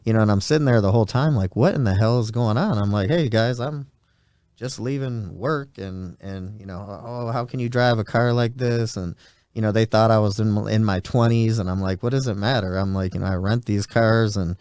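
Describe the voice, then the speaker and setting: A podcast host in his forties tells a story in a loose, rambling, casual way, acting out the voices of the people he quotes. His voice sits lowish with a darkish, clear, resonant tone, and the recording is dry.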